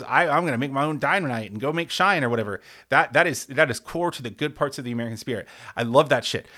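Man on a profane, rambling sports rant. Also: mid-range voice. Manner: animated, rambling, stammers and restarts often; heavy swearing, hyperbolic. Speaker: sports podcast host.

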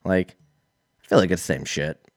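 A man's voice: low-pitched, expressive, normal speed, no room sound, studio quality. A man in his thirties, telling a rambling, profane, self-mocking story in a casual solo podcast. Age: 30s. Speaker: podcast host.

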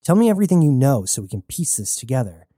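A man's voice: mid-range voice, very animated, fast, mellow, no room sound, studio quality. Man voicing a fiery, foul-mouthed young spacewoman. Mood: bitter. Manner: blunt, fiery, profane. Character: fierce young woman starship rebel.

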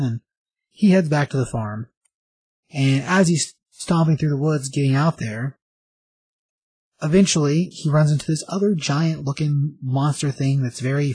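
A man's voice: medium pitch, a little mellow, breathy edge, no room sound, low-quality recording. A man casually recapping a comic book plot, rambling along with many fillers and restarts.

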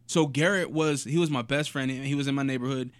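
A man's voice: mid-range voice, steady tone, brisk, clear, resonant tone, no room sound. Laid-back slangy man, dry sound. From Portland, USA. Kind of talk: casual chat.

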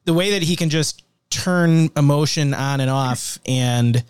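A man's voice: on the high side, a little slow, clear, resonant tone, no room sound, studio quality. A man co-hosting an interview, adding thoughtful comments with frequent restarts. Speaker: podcast co-host. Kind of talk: casual interview.

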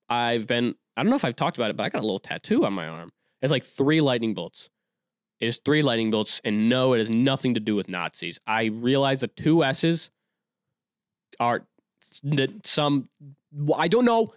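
A man's voice: medium pitch, big pitch swings, normal speed, no room sound, studio quality. A man in his twenties hosting a solo podcast, talking casually in a rambling way with many restarts and fillers. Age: 20s. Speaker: podcast host.

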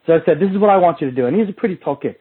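A man, a movement coach, telling a casual story in an animated, profane way and acting out what other people said. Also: fairly high pitch, racing, breathy edge, narrow, tinny audio.

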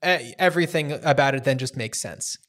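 A man trading film opinions in an easygoing podcast chat, mid-pitched and unhurried. He talks loosely, leaning on fillers and throwing in a casual curse now and then. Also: a bit bright.

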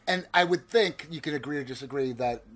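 This podcast co-host is a man in his forties with a New Jersey accent, speaking a little fast in a slightly high voice. The casual chat is animated and digressive, with stammers, restarts, and casual swearing.

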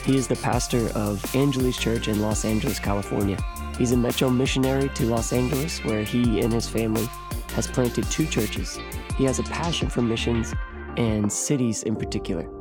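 Hoarse podcast host over music. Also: male voice, medium pitch, steady tone, a little fast. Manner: friendly, earnest, polite. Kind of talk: podcast intro and interview.

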